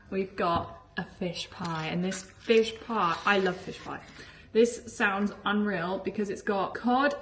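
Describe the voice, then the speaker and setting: A woman's voice: medium pitch, fairly bright tone, roomy sound, slight background noise. A woman vlogging casually while she cooks at home, chatty and full of "like", laughing often. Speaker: food vlogger. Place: home kitchen.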